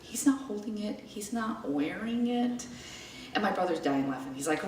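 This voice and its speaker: A middle-aged woman telling a personal story with a lively, swooping voice. She talks in a chatty way and acts out everyone in the tale. The sound is roomy and echoey, picked up from a distance with a faint hiss behind it. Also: medium pitch, moderate pace. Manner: animated, chatty, acts out the people in her story. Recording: echoey room, mic at a distance, faint noise.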